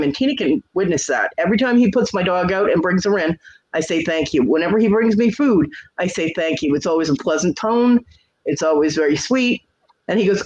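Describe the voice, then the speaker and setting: A man's voice: high voice, a little fast. A man hosting a casual livestream chat, venting in a profane, aggrieved way. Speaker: livestream host. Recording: dull lo-fi stream audio.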